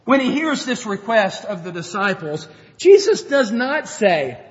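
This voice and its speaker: Pastor, male, high-pitched, earnest conversational sermon, long hall reverb. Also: very animated, a little slow, highs cut off. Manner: earnest, conversational preaching with acted-out quotes.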